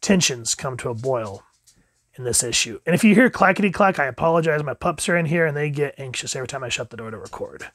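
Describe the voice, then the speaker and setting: Host: male comic reviewer, chatty, higher voice, dry close sound. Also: animated, fairly quick, a bit bright, dry recording. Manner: chatty, acts out quotes with jumps in pitch. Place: home room with dogs.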